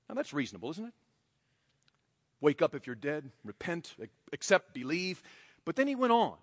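Guy preaching in church, voice kinda high and really expressive, loud then quiet, long hall echo. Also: studio quality. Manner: emphatic preaching that swings between loud and quiet. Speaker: pastor. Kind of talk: sermon. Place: church sanctuary.

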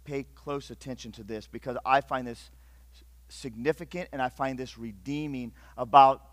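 A middle-aged man from Northeast Ohio preaching a sermon, swinging between loud urgent bursts and hushed, intimate passages. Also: mid-range voice, steady tone, moderate pace, no echo. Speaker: pastor.

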